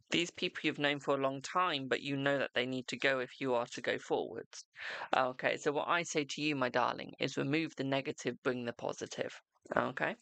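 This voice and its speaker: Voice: mid-range voice, creaky, a bit bright, no echo. A host giving live-streamed tarot readings in a chatty, reassuring way, calling viewers darling.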